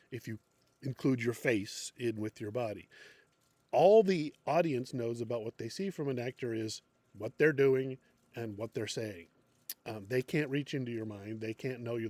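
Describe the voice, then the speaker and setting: Male acting teacher, middle-aged, rambling unscripted lecture, average pitch. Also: a little mellow, no echo. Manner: unscripted, many ums and restarts. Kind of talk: classroom lecture.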